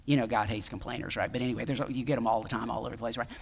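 A man's voice: mid-range voice, fairly even intonation, racing, gravelly, long reverb tail. A man preaching a sermon in a conversational, emphatic way, with many fillers and restarts. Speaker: pastor.

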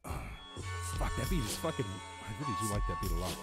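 A man's voice: fairly low pitch, big pitch swings, fast talker, loud music behind the voice. A man host freestyle rapping on a live stream, loose, profane and joking at himself. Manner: loose, profane, self-mocking rhymes. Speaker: host freestyling over beats. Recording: loud backing beat.

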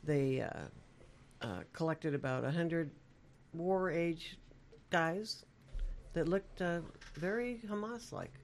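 Low-voiced offhand woman. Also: slow, pauses often, slight background noise. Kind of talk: casual chat.

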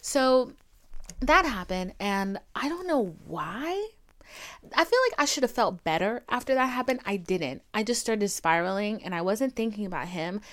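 A young woman hosting a podcast tells a rambling, profane rant about her dating life, dramatically acting out the people in it with animated put-on voices. She speaks at a moderate pace with a medium-pitched voice.

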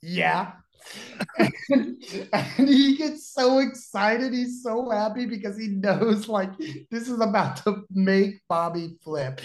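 A man's voice: high-pitched, unhurried. A man who is a pro wrestler, telling stories as a guest on a podcast, acting out the people in them and laughing often. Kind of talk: casual podcast storytelling.

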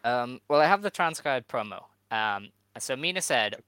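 Podcast guy with a smooth bright voice, thoughtful, lots of ums. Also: medium pitch, expressive, moderate pace, hardly any pauses, dry recording. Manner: thoughtful, reads quotes aloud, uses fillers. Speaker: podcast co-host. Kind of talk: casual chat about pro wrestling.

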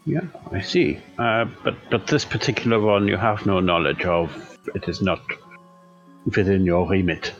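A man's voice: low voice, moderate pace, lo-fi sound, faint music behind. A man playing in a tabletop game, asking questions and speaking politely formal in character. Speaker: player. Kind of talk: tabletop role-play.

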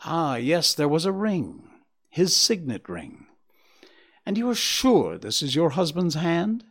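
A sharp Victorian detective, read by a man, laying out his deductions in a measured, clipped way. His voice rises and falls with lively emphasis as he reasons it through, like a storybook reading. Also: on the high side, slightly rough, voice pushed up, full character voice. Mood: deducing. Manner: brisk deductive explaining, measured. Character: Victorian male detective, keen, clipped and analytical.

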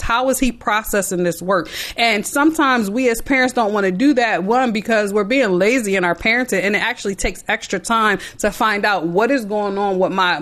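A middle-aged woman speaks earnestly to fellow parents, her voice sitting at an ordinary pitch. She talks in an emphatic, conversational way, pressing her points home as she advises. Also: a bit bright. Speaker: parent giving advice. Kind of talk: motivational talk to parents.

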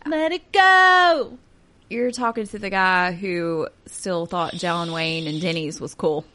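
A woman's voice: fairly low pitch, steady tone, a little slow, a bit bright, a little hiss or hum. A woman in her thirties hosting a casual true-crime podcast, reading notes aloud with sarcastic asides and frequent laughter. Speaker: podcast host.

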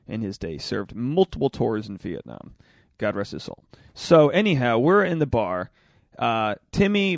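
A man's voice: mid-range voice, no room sound, studio quality. A man from Rhode Island, a stand-up comic, co-hosting a podcast in casual chat, telling stories and swearing freely. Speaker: podcast co-host, stand-up comedian.

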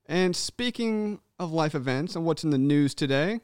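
A man co-hosting a casual podcast, animated and swearing freely, acting out people's voices when he tells stories. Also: on the high side, normal speed, smooth, no echo, clean studio sound. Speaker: podcast co-host.

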